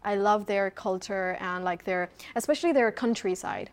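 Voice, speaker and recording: A young woman from India, a guest chatting in a casual interview, bubbly and playful with quick answers. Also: mid-range voice.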